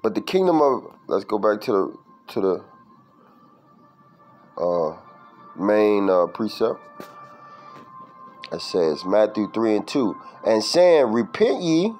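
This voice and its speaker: A man's voice: on the low side, sing-song, slow pace, pauses often, darkish tone, soft background music, poor audio. Casual profane preacher man, says "man" constantly. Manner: reads verses aloud and looks up word definitions. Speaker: preacher teaching scripture. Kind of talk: informal scripture study talk.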